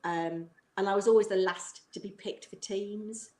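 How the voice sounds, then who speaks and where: Her voice sits at a medium pitch, steady and somewhat dark, moving at a normal speed. She's a middle-aged ex-teacher having a long, laugh-filled casual chat on a live-stream video call, recorded with a roomy echo.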